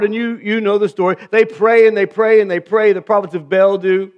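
A man preaching a sermon with wry, sarcastic humor and big swings between loud and hushed delivery. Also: high-pitched, flat delivery, fairly quick, few pauses, muffled recording. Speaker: pastor.

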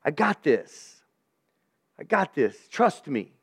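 Tender God comforting a scared child, man voicing him in a sermon, soft coaxing repeats, slightly high voice. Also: very animated, slow pace, breathy edge, full character voice. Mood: tender reassurance. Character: God gently reassuring a frightened child.

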